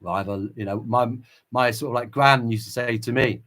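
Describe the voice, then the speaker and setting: A man's voice: medium pitch, normal speed, a bit bright. A man hosting a livestream, reading viewer chat and preaching with impassioned fervor. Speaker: channel host.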